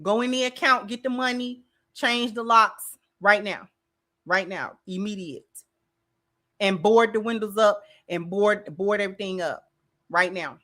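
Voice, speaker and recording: A woman's voice: medium pitch, unhurried, bright, forceful tone. A woman hosting a commentary channel, reacting in a sassy, emphatic way and calling people baby.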